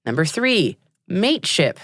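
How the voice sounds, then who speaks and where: A woman's voice: fairly low pitch, very animated, a little slow, a bit bright, dry recording. An American woman hosting a space news podcast on a studio mic, reading the news in an upbeat way with playful asides. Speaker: podcast host.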